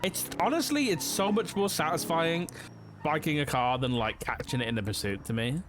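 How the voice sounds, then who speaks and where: A man's voice: on the high side, animated, normal speed, noisy background. Rambling young-adult male streamer. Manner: rambling, filler-heavy, with frequent "like". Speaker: streamer playing a police officer in a roleplay game. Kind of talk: casual streaming chat.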